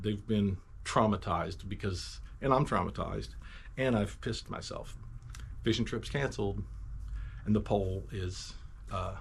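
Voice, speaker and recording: A man's voice: on the low side, creaky, fairly bright tone, slight background noise. A man telling a personal Christian testimony story in a rambling, emphatic way, with many restarts and asides.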